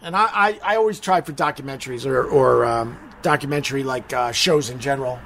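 A man's voice: mid-range voice, fairly quick, creaky, fairly bright tone, a little hiss or hum. A middle-aged man chatting casually on a live stream, rambling, mocking himself and swearing freely.

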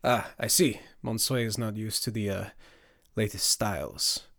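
A man's voice: fairly low pitch, a little slow, creaky, fairly bright tone, dry recording. A man voicing a worldly, theatrical man with a foreign flair, speaking in a suave, drawling, dramatic manner. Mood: suave amused.

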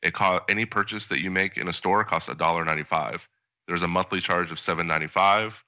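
A man's voice: sits low, steady tone, fast talker, bright, forceful tone, dry recording, lo-fi sound. A man co-hosting a podcast in casual chat, wry and matter-of-fact as he lists details. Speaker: podcast co-host.

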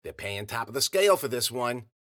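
Man reading as a gruff middle-aged boss, curt, clipped, lower than the narration. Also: very animated, fairly quick, a bit bright.

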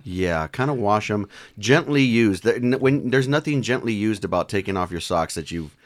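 A man's voice: on the low side, animated, moderate pace, no room sound. A man co-hosting a casual podcast from a small home studio, cracking jokes as he talks. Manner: jokey, wisecracking. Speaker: podcast co-host. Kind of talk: casual chat.

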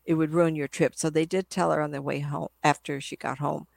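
Older woman, gravelly, chatty rambling storyteller, interview guest, dry recording. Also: low voice, flat delivery, brisk, darkish tone, no room sound. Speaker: psychic medium guest.

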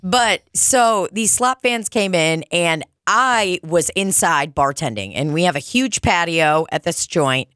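Profane animated woman telling stories. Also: fairly low pitch, unhurried, few pauses, clear, resonant tone, no echo, studio quality. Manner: profane, animated storytelling with mocking put-on voices. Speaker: podcast co-host, bartender. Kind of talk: casual chat.

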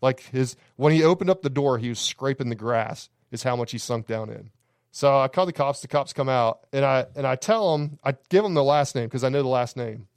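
A man's voice: mid-range voice, brisk, smooth, no echo, clean studio sound. Profane man telling campground stories. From Alabama. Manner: rambling, profane, laughing anecdotes. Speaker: campground owner, podcast guest. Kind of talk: casual podcast storytelling.

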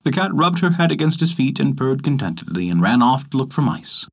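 A man narrating a folk tale in a measured, expressive storytelling manner, as host of a story podcast. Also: mid-range voice, gravelly, husky. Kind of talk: scripted narration.

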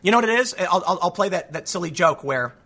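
A man's voice: high-pitched, expressive, fast talker, gravelly, bright, forceful tone, breathy edge. A man giving solo political commentary as host, ranting in a frustrated, emphatic way with many restarts.

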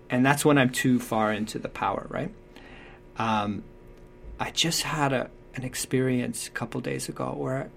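A man's voice: mid-range voice, gravelly. A man talking through parenting advice in a reflective, conversational way, often checking in with "right?".

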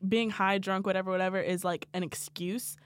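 A woman co-hosting a casual chat, blunt and swearing freely, acting out quotes in quick asides. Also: medium pitch, steady tone, clean tone. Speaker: podcast co-host.

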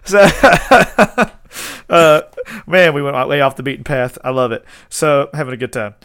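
A man in his thirties, hosting a podcast, chatting excitedly and rambling with frequent laughter. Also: fairly high pitch, unhurried, no echo, studio quality. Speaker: podcast host. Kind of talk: casual chat.

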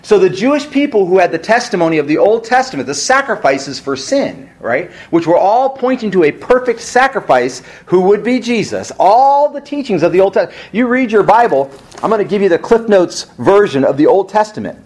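A man's voice: sits high, sing-song, fairly quick, a little mellow. A male pastor preaching a sermon in a conversational way, asking rhetorical questions and rising for emphasis.

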